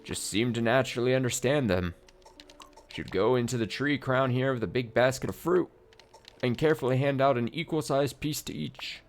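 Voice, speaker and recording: A man reading game dialogue aloud as a wistful elderly grandfather who reminisces gently and slowly. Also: medium pitch, close to an everyday voice.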